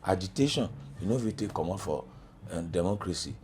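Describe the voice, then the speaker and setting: Animated middle-aged Nigerian man. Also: deep voice, fairly quick, a little hiss or hum. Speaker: guest, journalism lecturer. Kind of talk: studio talk show in pidgin.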